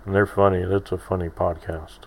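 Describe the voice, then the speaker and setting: A man in his thirties with a deep voice talks a little fast in a flat delivery. Hosting a casual solo podcast, he rambles in a self-deprecating monologue with lots of restarts.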